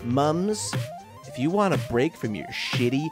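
A man's voice: animated, a little slow, over music, lightly acted. A man putting on a brash bad-mom film star. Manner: brash, crude, high-spirited. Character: boastful bad mom, a film actress, adult woman. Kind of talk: comedic sponsor skit.

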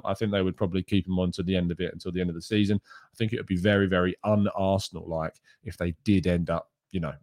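A man hosting a football show from home, reading viewer questions and talking in a subdued, low register with plenty of casual fillers. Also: no echo, clean studio sound. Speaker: football podcast host. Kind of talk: live-stream chat about football, reading viewer questions.

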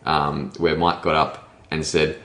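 A man with a low, deep voice, chatting as a podcast co-host. He tells stories in an animated way and laughs easily. The room around him sounds echoey. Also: unhurried. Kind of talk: casual book club chat. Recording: roomy echo.

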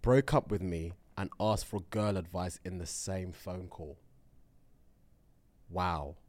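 A man's voice: sits low, slow. A young man from co-hosting a podcast, reading listener submissions aloud in playful banter. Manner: reads lines aloud then laughs, lively and playful. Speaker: podcast co-host.

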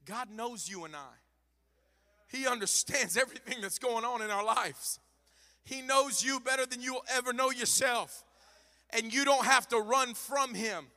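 Male pastor, 30s, sermon, high voice, very bright, long hall reverb, hushed to shouting. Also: unhurried. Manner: swings from hushed to shouting, acts out quoted voices.

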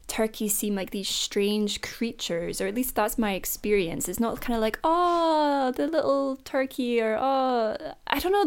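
A woman co-hosting a casual podcast, talking with frequent ums and restarts. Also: mid-range voice. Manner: many ums and restarts, chatty. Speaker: podcast co-host.

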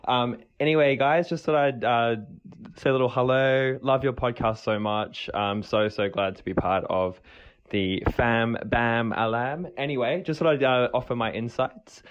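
A man's voice: mid-range voice, normal speed, clear, resonant tone. A man from New Zealand talks casually into a voice message, wandering from point to point with plenty of ums. The sound is a bit dull and lo-fi, like a recording sent in from a phone. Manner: rambling, lots of fillers and restarts. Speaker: listener sending a voice message.

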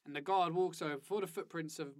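A man chatting casually about a video game, animated, swearing freely and acting out lines of game dialogue. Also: on the high side, fast. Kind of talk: casual gaming chat.

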